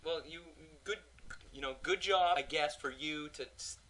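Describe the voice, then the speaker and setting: A man's voice: on the high side, normal speed, sharp tone, poor audio. A man co-hosting a podcast in casual chat, making wry quips and asking short questions. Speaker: podcast co-host.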